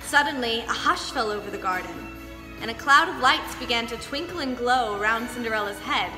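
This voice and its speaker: A young woman dance teacher reading a storybook aloud to children, lively and expressive. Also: on the high side, a little fast. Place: dance studio. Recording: echoey studio hall, faint music.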